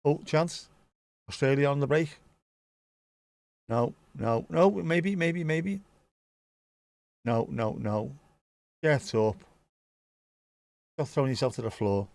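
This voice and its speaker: A man's voice: medium pitch, slow, pauses often, darkish tone, no echo. A man hosting a live match watchalong, chatting casually and rambling between dad jokes. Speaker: watchalong host.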